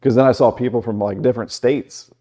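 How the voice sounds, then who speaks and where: Casting: easygoing male co-host, warm mellow tone, chatty. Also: mid-range voice, fairly even intonation, brisk. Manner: laid-back, laughs easily. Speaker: meteorologist and co-host. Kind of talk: casual talk show chat.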